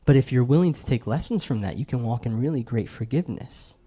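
Middle-aged male preacher, warm mellow voice, chatty sermon delivery, throws questions at the congregation. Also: mid-range voice, expressive, fast, slightly rough. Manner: conversational, asks the crowd questions.

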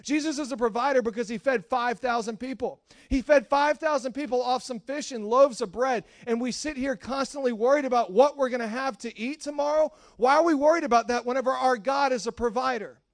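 A man preaching a sermon to his church, speaking casually with restarts, then building into repetitive, shouted fervor. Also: very high voice, fairly quick, few pauses, dry recording, clean studio sound. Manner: casual slang and self-interrupting restarts. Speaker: pastor.

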